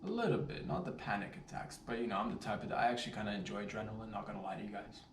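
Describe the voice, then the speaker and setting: A man tells a rambling, animated story for his vlog, his voice sitting fairly low. He sounds some distance from the mic, in a roomy, echoing space with faint ambience behind him. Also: very fast, background noise. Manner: animated, rambling, playful catchphrases. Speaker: vlogger telling a story.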